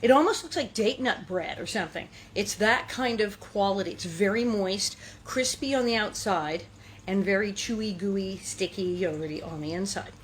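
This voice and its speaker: A woman's voice: mid-range voice, normal speed, a little hiss or hum. A woman hosting a casual cooking demonstration in a kitchen, chatty and playful, breaking into sing-song asides. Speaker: cooking show host.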